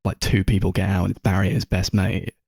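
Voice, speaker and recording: A man's voice: sits low, level tone, brisk, creaky, darkish tone, slightly rough. A young man co-hosting a podcast, chatting casually about a show and rambling through lots of fillers and swearing. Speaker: podcast co-host. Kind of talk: casual film chat.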